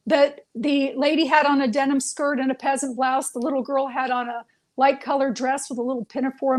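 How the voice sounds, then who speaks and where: A woman guest on a radio interview, a former nurse, telling earnest stories and acting out the dialogue in them. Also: high voice. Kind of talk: phone-in radio interview storytelling.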